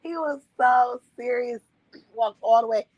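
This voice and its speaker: A woman telling a family story on a livestream, profane and animated, laughing often. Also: a little high, unhurried, no echo, highs cut off. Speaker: streamer. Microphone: streaming microphone.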